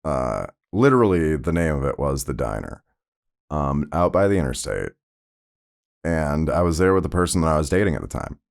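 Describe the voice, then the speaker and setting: A man's voice: rumbling low, sing-song, normal speed, creaky. A man hosting a podcast, telling personal stories in a conversational, rambling way with lots of fillers. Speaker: podcast host.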